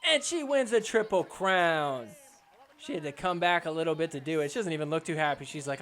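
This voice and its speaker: A man with a slightly raised voice hosts a sports podcast and recaps matches play by play. He talks in a casual, excitable way and keeps throwing in jokes. It sounds like an easygoing solo recap. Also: fairly high pitch, brisk, heavy background noise. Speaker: podcast host.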